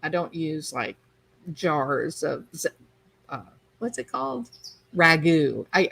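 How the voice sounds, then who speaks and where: A woman's voice: lowish voice, gravelly, a bit bright, low-quality recording. A woman hosting a livestream, chatting casually and reading viewer comments aloud. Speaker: livestream host reading chat. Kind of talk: casual chat.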